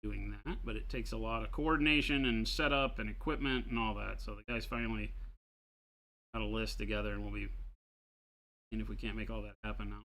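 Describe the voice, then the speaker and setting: A man's voice: fairly low pitch, steady tone, fairly quick, bright, forceful tone, rough recording. A man co-hosting a hobby livestream, explaining things plainly and step by step. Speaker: co-host of a miniature painting livestream. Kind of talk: casual livestream chat.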